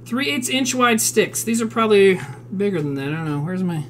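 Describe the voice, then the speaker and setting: Woman streamer in a kitchen, foul-mouthed casual cook, swoopy animated voice, noisy stream audio. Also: medium pitch, a little fast. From South Dakota, US. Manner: profane, chatty, reads recipe steps aloud and answers chat. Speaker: streamer cooking live. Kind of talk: casual live-stream chat while cooking. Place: home kitchen.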